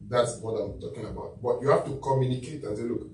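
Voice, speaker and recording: A bishop speaking as a talk-show guest, teaching on marriage in a loud, preacherly way. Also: male voice, mid-range voice, quick pace. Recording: echoey room, distant mic, faint music.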